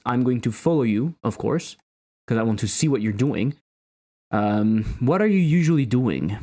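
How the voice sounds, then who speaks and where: A man's voice: medium pitch, normal speed. Playful swearing game-dev streamer man. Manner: animated, joking, swears playfully. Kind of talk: casual livestream chat while coding.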